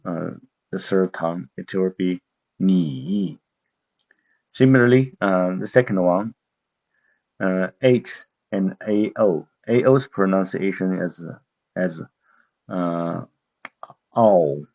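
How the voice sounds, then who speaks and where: A man with a very low voice teaches a language lesson at an unhurried pace. He explains step by step and pauses often to search for words. The recording sounds dull and muffled. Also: gravelly, a little mellow. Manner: slow, careful, with many fillers and pauses. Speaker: Mandarin teacher.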